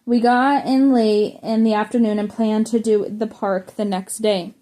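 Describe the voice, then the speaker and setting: A woman's voice: a little high, steady tone, measured pace, warm tone. A woman reading a memoir aloud, now and then tripping over words and starting them again. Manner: stumbles and restarts words while reading. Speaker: audiobook reader.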